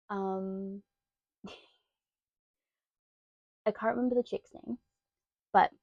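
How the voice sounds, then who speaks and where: Australian woman, young, chatty book vlogger, warm gravelly voice, slightly dull lo-fi recording. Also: medium pitch, no room sound. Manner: chatty, rambling, quick to rant. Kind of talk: casual book review chat.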